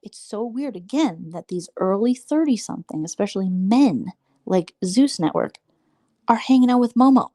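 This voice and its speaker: A woman's voice: animated, normal speed, dark tone, dry recording. A woman hosting a casual late-night livestream, rambling and sarcastic, mocking others by mimicking them. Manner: gossipy, mocking, mimics others in high squeaky voices. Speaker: livestream host.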